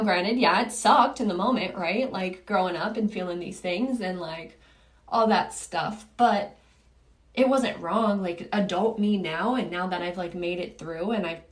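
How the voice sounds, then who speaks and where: A woman in her thirties talking on her own podcast in a loose, confessional way. She swears freely and leans on fillers like "like" and "you know." Her pitch sits in an ordinary middle range for a woman. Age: 30s. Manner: candid, frequent swearing and fillers. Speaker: podcast host. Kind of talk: casual solo podcast talk.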